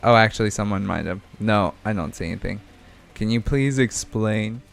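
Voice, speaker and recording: Laid-back low-voiced man reading chat. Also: normal speed, gravelly. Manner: laughs often, reads chat messages aloud, meandering. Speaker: livestream co-host reading chat. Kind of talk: casual gaming livestream chat.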